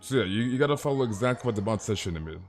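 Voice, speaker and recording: Laid-back young man streaming games, low voice. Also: lively intonation, racing, soft background music. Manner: rambling, calls everyone "dude", amused exclamations. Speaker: game streamer. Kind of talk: casual live-stream chat.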